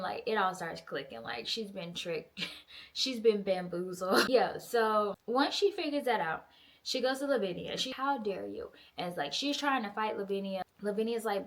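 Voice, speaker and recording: A young woman recapping a novel in a casual, profane, animated way, acting out the characters' lines. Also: mid-range voice. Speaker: book reviewer. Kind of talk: casual book review recap.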